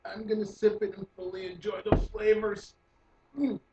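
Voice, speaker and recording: A man's voice: high voice, level tone, moderate pace, mellow, roomy sound, lo-fi sound. A man co-hosting a comedy livestream, tossing out dry, teasing banter. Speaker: comedy web show co-host. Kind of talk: casual comedic livestream chat.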